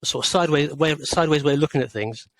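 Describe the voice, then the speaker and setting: A man in his sixties from rural England, an author answering interview questions in a hesitant way, with many pauses and restarts. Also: a little high, fairly bright tone, no room sound, rough recording. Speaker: author, guest.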